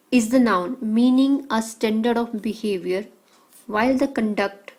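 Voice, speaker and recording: A woman teacher working through exam questions, reading out options and answers in short measured phrases. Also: on the high side, a little mellow, low-quality recording.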